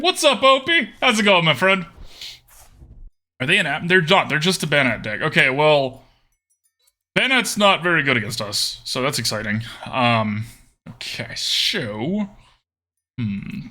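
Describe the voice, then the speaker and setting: A man's voice: on the high side, big pitch swings, moderate pace, bright, forceful tone. A man streaming a card game, thinking aloud about his plays and chatting casually with viewers.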